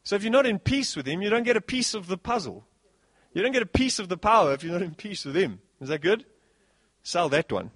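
A man preaching a sermon as pastor, animated, swinging between soft passages and loud bursts. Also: high-pitched, brisk, slightly rough, dry recording.

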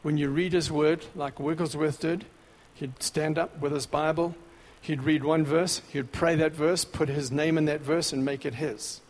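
A man preaching a sermon, exhorting in short emphatic repeated phrases that grow louder and more excited. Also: a little high, moderate pace, few pauses, big-room sound.

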